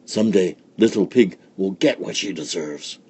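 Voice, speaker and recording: A man reading a storybook aloud, voicing a cruel, scornful stepmother in a shrill, snapping voice. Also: normal speed, dark tone, slightly rough. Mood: threatening. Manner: shrill, snapping, mock-sweet.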